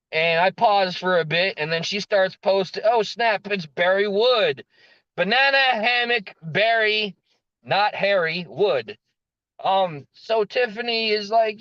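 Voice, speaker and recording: A slightly hoarse man telling a story in a rambling rant, with frequent restarts and fillers. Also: sits high, slow, a bit bright, dry recording, lo-fi sound. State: slightly hoarse, losing his voice. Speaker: vlogger recounting a story.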